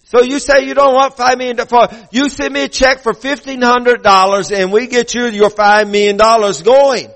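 A man's voice: fairly even intonation, normal speed, hardly any pauses, a bit bright. A preacher voicing a pushy male phone caller who insists he has won a prize. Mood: eager, insistent. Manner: eager, insistent sales pitch.

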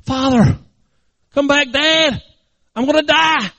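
A man's voice: extremely high pitch, slow, pushed and bright, dry recording, pitched above the performer's own voice, full character voice. A man voicing a desperate young boy. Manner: pleading, crying out for his father.

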